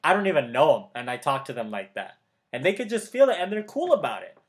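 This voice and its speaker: A man's voice: a little high, very animated, fast. A man in casual motivational coaching chat, enthusiastic and emphatic, repeating key words, laughing often and calling the listener brother or bro. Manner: laughs often mid-sentence. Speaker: motivational mentor.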